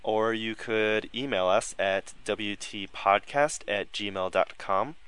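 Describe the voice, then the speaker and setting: Smooth low-voiced male podcast host. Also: slow. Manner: relaxed, rambling with fillers and self-corrections. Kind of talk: casual podcast chat.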